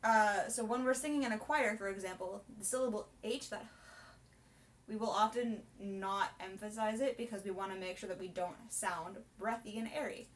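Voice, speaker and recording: Soprano singing teacher, distant mic. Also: female voice, medium pitch, normal speed. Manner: chatty, explanatory. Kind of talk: casual vocal lesson. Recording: voice from a distance, piano behind.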